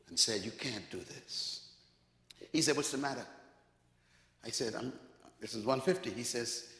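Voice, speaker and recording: A man's voice: medium pitch, a bit bright. A man preaching a sermon, telling a story dramatically and acting out the dialogue. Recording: echoey hall, long reverb.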